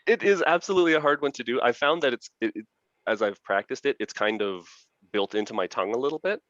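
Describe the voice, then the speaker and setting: A man's voice: mid-range voice, expressive, fairly bright tone, dry recording. A man, an author chatting earnestly and enthusiastically as an interview guest over a video call. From Canada. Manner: earnest, enthusiastic, quick to laugh. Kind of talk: casual interview chat. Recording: dull lo-fi dry sound.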